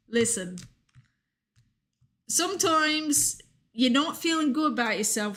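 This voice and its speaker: An Australian woman streaming a game, chatting casually in a jokey, rambling way and answering her chat. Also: a little high.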